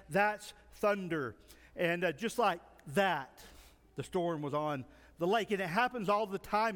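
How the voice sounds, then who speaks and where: A pastor from the United States preaching a sermon in short phrases for an interpreter, telling stories and acting out the dialogue. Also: male voice, sits high. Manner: storytelling, acts out dialogue. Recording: long reverb in a large hall.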